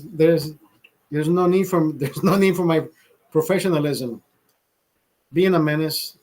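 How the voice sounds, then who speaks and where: A high-voiced man chats on his livestream, rambling from one thought to the next. He swears freely and breaks into laughter often. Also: measured pace, long pauses, a little mellow. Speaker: livestream host. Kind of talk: casual livestream chat.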